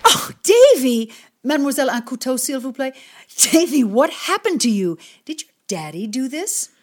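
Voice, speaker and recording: Brisk take-charge rescuer in a radio play, highish lively voice. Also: female voice. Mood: urgent. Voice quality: urgent, brisk. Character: brisk, capable woman rushing to help. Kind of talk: radio drama acting.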